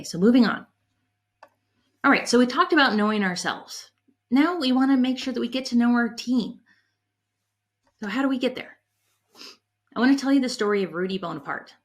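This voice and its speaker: A middle-aged woman giving a conference talk on leadership, an animated storyteller who is candid and emotional about her past. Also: a little high. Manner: animated storyteller, acts out quoted people in her anecdotes. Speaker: conference breakout speaker on leadership.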